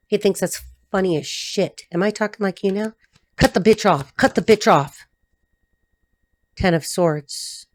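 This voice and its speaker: Speaking straight to camera with no room sound, a woman from the US does a casual tarot reading alone. Her voice sits on the low side, creaky and dark in tone, and she's blunt, chatty, and quick to curse.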